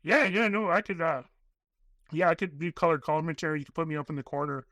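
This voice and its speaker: Excitable rambling storyteller man, bright edge. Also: fairly high pitch, quick pace, no room sound. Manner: excitable, rambling storyteller who acts out quoted voices. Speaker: podcast guest, documentary filmmaker. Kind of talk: casual interview storytelling.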